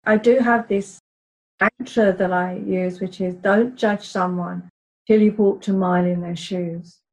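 A woman's voice: medium pitch, fairly even intonation, unhurried, poor audio. Agreeable woman interview host. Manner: agreeable, supportive listener. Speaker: podcast host. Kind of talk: casual interview chat.

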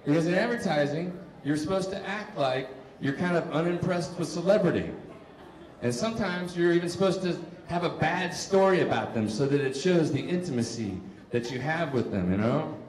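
A man's voice: fairly high pitch, expressive, normal speed, a little mellow. A man performing a stand-up comedy set, self-mocking, acting out both sides of his stories with rising exasperation. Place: comedy stage before a live audience. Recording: roomy live stage sound from far off, crowd noise. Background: audience laughter.

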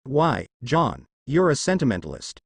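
A man's voice: medium pitch, huge pitch swings, normal speed, gravelly, husky, no echo, clean studio sound, full character voice. A man voicing a smug, mocking male demon.

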